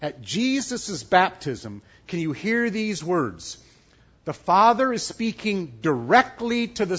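A middle-aged man preaching a sermon as pastor, emphatic and lively, dropping suddenly soft for effect. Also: high voice, breathy edge. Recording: dull lo-fi sound.

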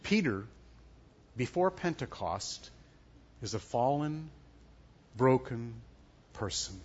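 Middle-aged male pastor preaching; animated, emphatic, a little husky, dull lo-fi recording. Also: mid-range voice, slow pace. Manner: animated, emphatic preaching with sudden soft drops. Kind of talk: sermon. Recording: dull lo-fi sound.

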